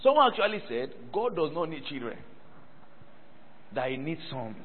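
A man's voice: on the high side, normal speed, slight background noise. A man preaching a sermon and teaching a Bible word study, calling on the congregation for responses and breaking into mocking, laughing asides. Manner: animated, calls for congregation responses. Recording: echoey hall over a tinny phone-like line.

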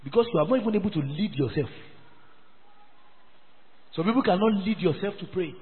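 Brief: high, animated preacher, scolding and repetitive, tinny phone-like sound. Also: male voice, a little fast, big-room sound. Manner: emphatic, repeats phrases, scolding. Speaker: pastor. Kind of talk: sermon.

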